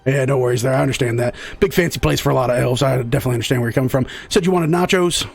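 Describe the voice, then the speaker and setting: A man voicing a big, easygoing male orc head waiter in a tabletop game, with fast, friendly, bro-style chatter. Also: medium pitch, vocal fry, faint music behind.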